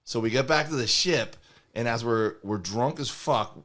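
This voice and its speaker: A man of middle pitch spins loose, rambling stories on a comedy podcast. He talks casually and animatedly, piling on asides as he goes. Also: normal speed, fairly bright tone. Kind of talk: casual storytelling.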